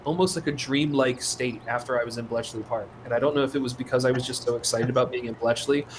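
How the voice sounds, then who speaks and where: A man's voice: medium pitch, fairly even intonation, fast talker. Rambling man telling a story. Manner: rambling, laughing, swears freely. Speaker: co-host. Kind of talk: casual livestream chat. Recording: noisy background.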